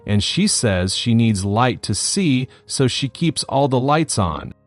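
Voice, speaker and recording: A man's voice: medium pitch, lively intonation, takes it slowly, faint music behind. A man reading the lines of a young brother who hesitates and apologizes. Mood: sheepish.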